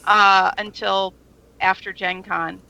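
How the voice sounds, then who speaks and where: Slow-talking gravelly woman chatting. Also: mid-range voice, level tone, bright, forceful tone, poor audio. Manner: chatty, rambling storyteller with frequent fillers and laughs. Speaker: podcast co-host. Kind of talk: casual chat.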